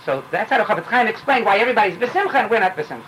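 A man with leads an informal Torah class, rambling animatedly from one parable to the next. His fairly high voice swings widely in pitch as he rushes along. A faint hiss of background noise sits under the talk. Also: rough recording. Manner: animated, rambling, mixes in Yiddish phrases. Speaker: rabbi teaching a class.

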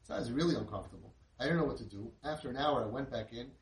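A middle-aged man, telling an inspirational story in an animated way and sprinkling in Yiddish and Hebrew words. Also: medium pitch, very fast. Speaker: inspirational speaker. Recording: roomy, distant mic with faint noise.

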